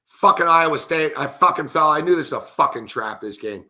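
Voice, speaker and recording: A man's voice: fairly high pitch, expressive, a little fast, pushed and bright. A man hosting a sports betting show, giving live game commentary in an angry, profane, indignant rant.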